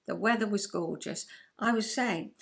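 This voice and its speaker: A woman's voice: medium pitch, moderate pace, vocal fry. Chatty older English woman. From England. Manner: chatty, rambling, warmly enthusiastic with little laughs. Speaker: vlogger. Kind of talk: casual chat to camera.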